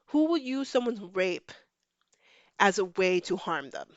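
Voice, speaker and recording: Blunt, animated woman podcaster. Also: medium pitch, unhurried, no echo, muffled recording. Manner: animated, blunt, swears freely. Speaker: podcast host. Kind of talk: casual pop culture commentary.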